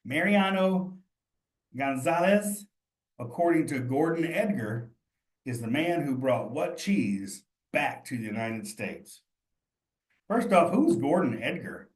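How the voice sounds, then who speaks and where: A cheese instructor with a higher, expressive voice speaks slowly while leading a live study session. He thinks aloud and addresses his students directly in a chatty, encouraging manner, with a roomy echo on the recording.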